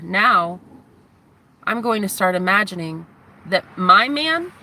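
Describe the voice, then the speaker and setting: A woman's voice: fairly low pitch, animated, normal speed, pushed and bright. A woman in her thirties, a spiritual vlogger, giving a heated, profane, taunting rant to the camera. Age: 30s.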